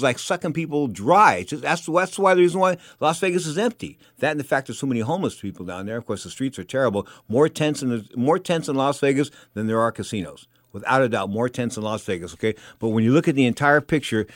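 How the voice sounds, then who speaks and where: Fast and rambling, an older boxing talk radio host repeats his opinionated points in a loose monologue. His voice sits in the mid range, captured close and dry on a studio microphone.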